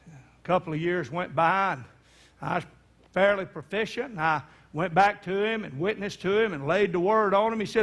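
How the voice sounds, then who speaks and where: A man's voice: sits high, moderate pace, a bit bright. A man preaching, telling a family story in folksy speech and acting out the voices of the people in it. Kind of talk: sermon storytelling.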